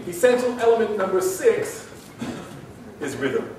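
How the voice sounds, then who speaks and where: A man giving a live seminar talk to an audience, animated and drawing them into call-and-response. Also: sits high, measured pace, background noise. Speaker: public speaking trainer. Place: large room with audience. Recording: echoey hall from far off.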